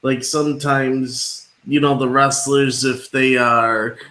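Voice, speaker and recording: A man's voice: medium pitch, level tone, takes it slowly, bright, forceful tone. A man hosting a wrestling interview show, asking long rambling questions full of fillers. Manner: rambling, many fillers and restarts. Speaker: podcast host, interviewer. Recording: echoey room.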